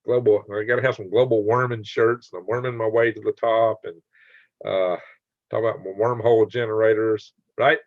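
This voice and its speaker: A man's voice: lowish voice, little pitch movement, normal speed, dry recording. Jokey man laughing through a livestream. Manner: jokey, laughs often, reads comments aloud. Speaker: livestream host reading chat. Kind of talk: casual late-night livestream chat. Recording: dry, slightly dull sound.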